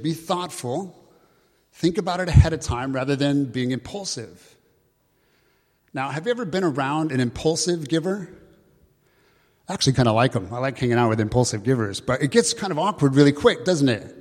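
A man preaching a sermon in an earnest, conversational way, slowing down to read scripture aloud. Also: mid-range voice, animated, a little mellow. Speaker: pastor. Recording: long hall reverb.

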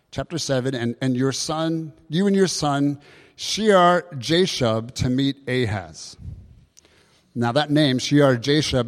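A man preaching a sermon, explaining scripture with lively emphasis and rhetorical questions. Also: mid-range voice. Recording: long hall reverb.

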